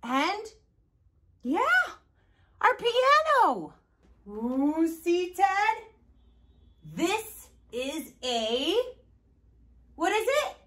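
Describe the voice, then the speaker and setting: High, lively children's show woman. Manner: slow, exaggerated and encouraging. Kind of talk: sing-song talk to small children.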